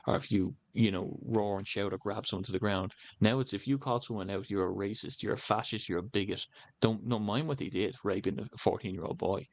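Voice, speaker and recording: A man's voice: lowish voice, vocal fry. An Irish man in his thirties, a candidate talking in a loose, rambling way with lots of "you know" fillers. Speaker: election candidate canvassing. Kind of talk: casual interview talk.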